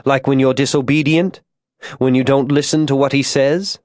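A man voicing a tormented religious zealot who speaks to a child in a hushed, tender way. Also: medium pitch, fairly even intonation, moderate pace, no room sound, clean studio sound, close to an everyday voice. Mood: preaching.

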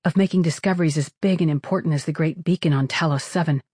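A narrator reading a science fiction novel in steady, even scripted narration. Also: medium pitch, quick pace, breathy edge, no echo, studio quality. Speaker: audiobook narrator.

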